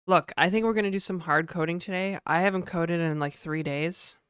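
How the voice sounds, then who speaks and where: A young man who streams and makes games chats casually, rambling and greeting viewers by name, his voice slightly nasal from a cold. It sits a little high with fairly even intonation and a slightly fast pace. The sound is a bit bright, clear and resonant, dry and studio quality.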